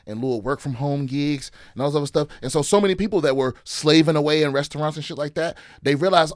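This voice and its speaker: A man's voice: on the high side, fast, few pauses, no room sound, studio quality. A man hosting a podcast in casual chat, ranting animatedly with plenty of swearing. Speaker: podcast host.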